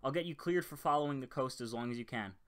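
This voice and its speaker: A man voicing a male air force major who speaks briskly and with authority. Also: mid-range voice, natural voice.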